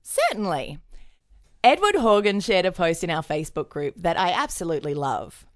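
Cheerful female co-host, lively voice, dry close sound. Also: on the low side, moderate pace, no echo. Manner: cheerful and teasing. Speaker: podcast co-host. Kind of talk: casual podcast chat.

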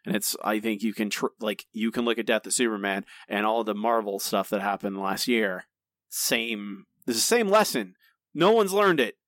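A podcast co-host chats casually and rambles, restarting sentences often. His lowish, fairly bright voice has lively intonation at a moderate pace, captured in a dry, clean studio recording.

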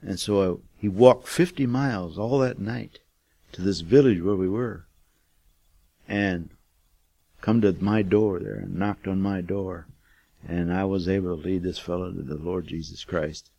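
A man's voice: low-pitched, steady tone, a little slow, vocal fry, mellow, dry recording. An older man, a missionary, telling a testimony in a folksy, rambling way with many fillers. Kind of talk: casual storytelling testimony.

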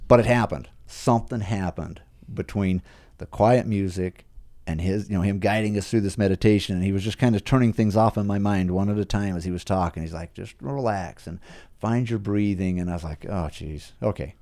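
Low-voiced man telling a story animatedly. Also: fairly quick. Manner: animated, acts out his own past thoughts. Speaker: podcast guest, horse trainer. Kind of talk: casual storytelling.

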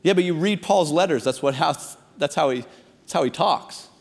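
Preaching in a church hall, a man in his thirties speaks conversationally, then presses his message emphatically, rising into exhortation. His voice is a little high and his speed normal. The sound bears the long reverb of a large hall.

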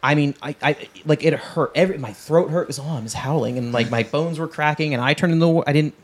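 A male podcast panelist talks fast in a higher register, enthusiastically rambling through a casual horror-film conversation and restarting often.

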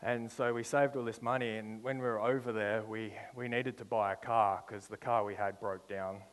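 Low-voiced man preaching a testimony. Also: fairly even intonation, in a large hall, rough recording. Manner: storytelling with slow emphatic build-ups. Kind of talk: sermon testimony.

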